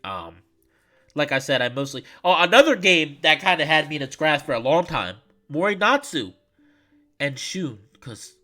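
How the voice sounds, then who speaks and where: A man streaming live, reading a visual novel aloud and chatting in an excitable, rambling way. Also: a little high, normal speed, faint music behind.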